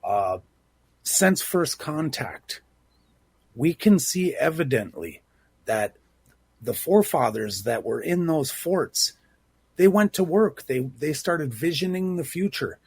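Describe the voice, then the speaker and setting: A man's voice: on the high side, sing-song, slow, darkish tone, husky, no echo. A man speaking earnestly as a guest on a talk program. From Bad River, Wisconsin. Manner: earnest, heartfelt. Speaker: guest, civic engagement manager. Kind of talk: radio interview.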